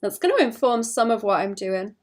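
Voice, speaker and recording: A young woman talks her way through a drawing session on a casual livestream, thinking aloud. Her voice sits mid-range with a touch of vocal fry. She rambles and second-guesses herself. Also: medium pitch, sing-song, brisk. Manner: thinks out loud, rambling and self-conscious. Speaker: illustrator streaming her drawing.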